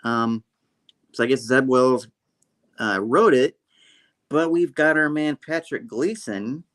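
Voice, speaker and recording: A man's voice: mid-range voice, slow, fairly bright tone. A man hosting a casual comic book review, rambling, laughing often and acting out scenes. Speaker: host.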